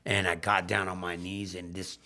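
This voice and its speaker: A man telling his life story as a podcast guest in casual, animated storytelling, swearing freely and acting out the voices of the people in his story. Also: normal speed. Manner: drops low and quiet on emotional moments.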